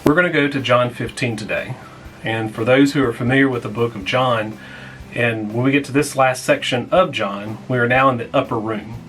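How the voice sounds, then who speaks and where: A man serving as pastor, leading a small group Bible lesson in a plainspoken way and repeating key points slowly so people can take notes. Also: medium pitch, rough recording. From United States.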